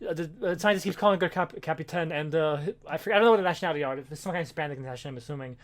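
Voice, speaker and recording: A man's voice: on the high side, racing. A man co-hosting a podcast, recapping a comic in a rambling, swearing way with many fillers and restarts. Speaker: podcast co-host. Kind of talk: casual chat recapping a comic.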